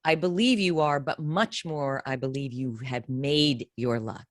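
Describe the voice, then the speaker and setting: A woman podcast host and career coach speaks with a low voice and a lot of conviction, stacking her points one after another. Her sound is close and dry, with almost no room around it. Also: unhurried, dry recording. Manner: enthusiastic, emphatic, builds points in lists. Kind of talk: interview conversation.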